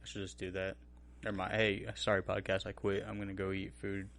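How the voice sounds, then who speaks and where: A man co-hosting a casual podcast with a somewhat low voice. He talks loosely and swears freely, slipping into acted-out quotes as he goes. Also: fairly quick. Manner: animated, profane, acts out quotes. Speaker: podcast co-host. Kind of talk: casual chat.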